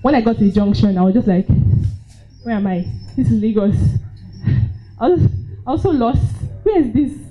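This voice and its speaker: Lively young Nigerian woman telling a story. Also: fairly high pitch, normal speed, soft background music. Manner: lively, laughing, acts out her own reactions. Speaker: storyteller at a live event. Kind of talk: personal storytelling. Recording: dull lo-fi live recording.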